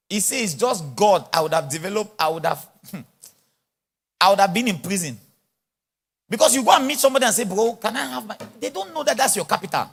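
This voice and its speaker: A man preaching a sermon at a conference, speaking with an influence and acting out little dialogues. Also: high-pitched. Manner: animated, mixes in pidgin English and acted-out dialogue. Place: large church or conference hall.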